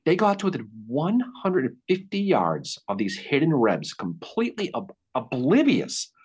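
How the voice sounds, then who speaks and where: A man hosting a podcast, telling a Civil War battle story in a casual, animated way. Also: on the high side, a little slow, husky. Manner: animated, acts out quotes. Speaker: podcast host.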